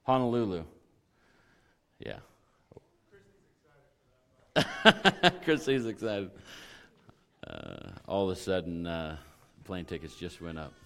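A middle-aged man preaching a sermon with a hoarse, raspy voice, in a folksy, conversational way full of fillers. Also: low-pitched, wildly swooping pitch, slow, pauses often, a bit bright. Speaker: pastor.

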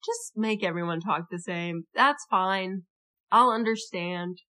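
Young female podcast co-host, bright tone, playful chatty delivery. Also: mid-range voice, measured pace. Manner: chatty, playful, laughs mid-sentence. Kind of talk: casual chat.

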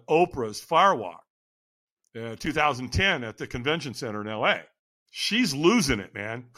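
A man who works as a firewalk instructor, telling excited stories in an interview and acting out quotes with lots of laughter. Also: on the high side. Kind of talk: animated storytelling.

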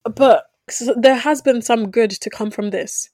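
Thoughtful woman chatting, even-paced, dry mic. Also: a little high, unhurried, dry recording. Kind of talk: casual discussion.

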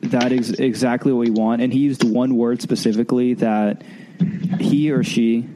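A man's voice: mid-range voice, steady tone, normal speed, noisy background. A man co-hosting a podcast in casual chat, a bit stuffy from a sinus cold, earnest and easygoing. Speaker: podcast co-host.

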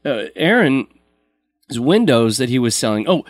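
A man hosts a podcast interview, talking casually and backing up now and then to explain. His voice is mid-pitched and ordinary for a man. The sound is dry and close to the mic. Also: big pitch swings, a little slow, dry recording. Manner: conversational, backs up to explain. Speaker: podcast host.

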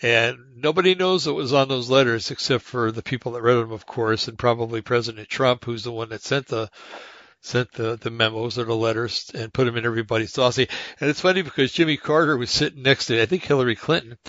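A man's voice: medium pitch, fairly even intonation, a little fast, fairly bright tone, no room sound, muffled recording. A man hosting a podcast, talking in a rambling casual monologue full of fillers and restarts as he reads articles aloud. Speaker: podcast host.

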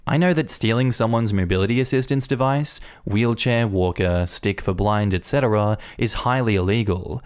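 A man narrating online stories aloud in an even, conversational reading manner. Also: lowish voice, normal speed, few pauses, clean tone. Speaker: story narrator.

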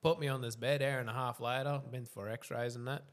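A young Australian man tells a long, rambling story on a relaxed podcast. He is easygoing and crude, swears often, and laughs at his own bad luck. His voice sits at an ordinary middle pitch. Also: brisk. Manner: laid-back, swears freely, laughs through his stories. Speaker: podcast co-host. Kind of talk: casual storytelling.

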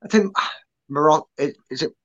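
A man's voice: fairly high pitch, moderate pace, husky, highs cut off. A man co-hosting a casual football prediction chat, playful and rambling, with many restarts. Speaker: podcast co-host.

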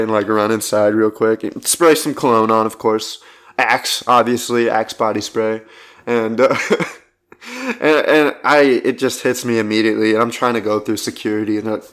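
A man's voice: mid-range voice, a bit bright. A young man telling a casual personal anecdote, rambling with lots of "like" fillers and frequent laughs. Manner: rambling, full of "like" fillers, laughing between lines. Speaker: storyteller.

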